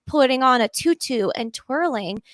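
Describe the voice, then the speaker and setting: A woman being interviewed as a podcast guest, talking in an animated, enthusiastic way in long flowing runs. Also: high-pitched, normal speed, no echo. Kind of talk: casual interview talk.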